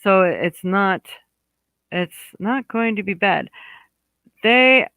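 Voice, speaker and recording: A man's voice: sits high, expressive, takes it slowly, gravelly, clean tone, dry recording, poor audio. A man giving a chatty monthly horoscope card reading, talking straight to viewers and to spirit, with many fillers and restarts. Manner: chatty, warm asides, talks to spirit aloud. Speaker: psychic card reader.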